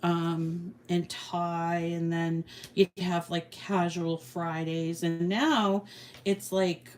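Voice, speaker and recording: This craft channel host, a middle-aged woman, talks extremely slowly in a flat, fairly low voice, with a little hiss or hum in the background. She's chatty and self-deprecating, rambling through a casual crafting tutorial and frequently laughing at herself.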